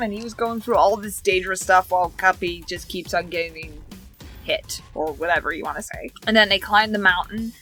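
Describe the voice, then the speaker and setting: A woman's voice: mid-range voice, a bit bright. A woman recapping cartoon episodes in a casual, rambling way, chaining events with "and then" and "like", with giggly asides. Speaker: show reviewer.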